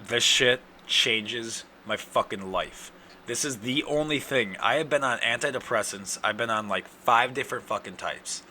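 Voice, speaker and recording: A young man with an Upper Midwest accent, hosting a casual solo podcast, ranting and cursing in loud outbursts, his throat dry from yelling. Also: medium pitch, normal speed, a little hiss or hum. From Wisconsin. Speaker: podcast host.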